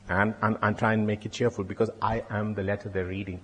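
A man's voice: fairly low pitch, level tone, fast talker, breathy edge. A man and doctor giving a conversational sermon, often repeating words and adding wry asides. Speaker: lay preacher and doctor. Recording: long reverb in a hall.

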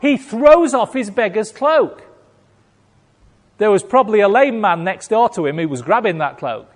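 A man preaching a sermon, telling a story with acted-out voices and big swings between loud and hushed. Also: high-pitched, animated, normal speed. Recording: long hall reverb.

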